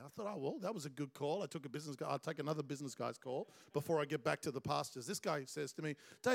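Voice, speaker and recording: A man preaching and telling a story in an animated, excitable way. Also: a little high, gravelly. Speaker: pastor. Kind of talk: storytelling sermon.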